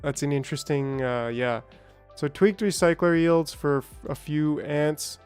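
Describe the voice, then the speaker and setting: Easygoing streamer guy, chatty and rambling, smooth clear voice a touch high, faint music under him. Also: fairly even intonation, a little slow, a little mellow. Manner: rambling, chatty, greets viewers by name. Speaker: gaming streamer. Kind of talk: casual let's-play commentary.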